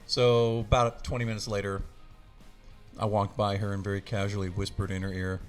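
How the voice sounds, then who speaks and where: Animated guy telling a childhood story, slightly low voice, laughing a lot. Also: moderate pace, faint music behind. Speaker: podcast guest. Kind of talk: casual storytelling.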